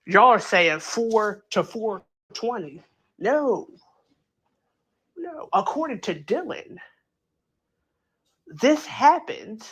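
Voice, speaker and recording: A woman hosting a casual true crime chat, talking it through in an animated, incredulous way and acting out quotes, with plenty of filler words. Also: high-pitched, slightly rough. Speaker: true crime channel host. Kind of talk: casual commentary.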